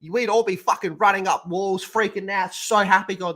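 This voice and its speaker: A man's voice: high voice, fairly even intonation, normal speed, pushed and bright. A man streaming alone, ranting heatedly with lots of swearing. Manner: heated, profane, sarcastic ranting. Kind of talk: livestream rant.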